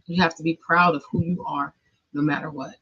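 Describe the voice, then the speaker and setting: Bright, husky woman telling her story. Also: deep voice, level tone, a little fast. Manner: earnest, emotional storytelling with nervous laughs. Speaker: podcast host. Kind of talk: personal monologue. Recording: dull lo-fi recording.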